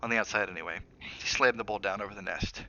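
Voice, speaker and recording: A man's voice: fairly low pitch, fast, pushed and bright. A man streaming a dramatic read-aloud of a novel, with asides to his viewers. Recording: dull lo-fi mic with faint hiss.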